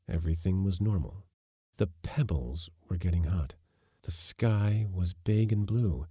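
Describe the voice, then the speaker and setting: A man reading a short story aloud, acting out the dialogue with big jumps in pitch and force. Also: unhurried, dark tone, slightly rough, no echo, studio quality. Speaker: narrator.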